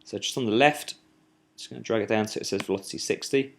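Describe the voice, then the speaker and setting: A man giving a screen-recorded music software tutorial, talking while he clicks, with fillers and restarts. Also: lowish voice, quick pace, creaky.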